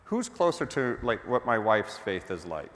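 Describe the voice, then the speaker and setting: A man's voice: lowish voice, big pitch swings, moderate pace, a bit bright, big-room sound. A man preaching a sermon as pastor, telling the story in a conversational way and putting questions to the congregation.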